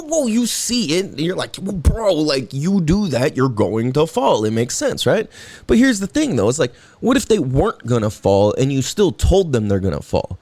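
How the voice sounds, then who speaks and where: A young man hosts a podcast solo, rambling and swearing casually while laughing at his own tangents. His voice sits on the high side and is a little mellow, recorded without echo.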